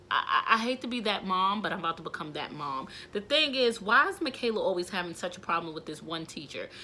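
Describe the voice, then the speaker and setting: A young woman speaks to her camera in an unscripted vlog with a bright, forceful voice. She rambles and gets emotional, dropping to hushed asides before bursting out loudly. Faint noise sits under her speech. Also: on the low side. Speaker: vlogger and mother. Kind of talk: candid talking-to-camera vlog.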